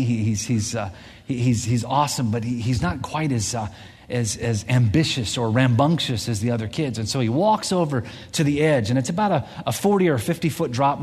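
A man in his forties, a pastor telling a family story in a sermon, animated and full of restarts. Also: mid-range voice, husky. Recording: long hall reverb.

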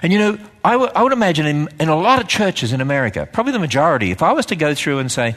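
A man preaching a sermon in a church, firing rhetorical questions and swinging between loud, emphatic lines and hushed ones. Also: a little high, big pitch swings, very fast, hardly any pauses. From Australia. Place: church sanctuary. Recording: large hall with long reverb.

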